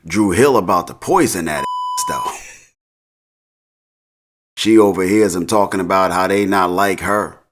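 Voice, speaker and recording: A man's voice: sits low, wildly swooping pitch, measured pace, pauses often, a bit bright. A man casually recapping a TV episode in slang, laughing often. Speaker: TV recap host.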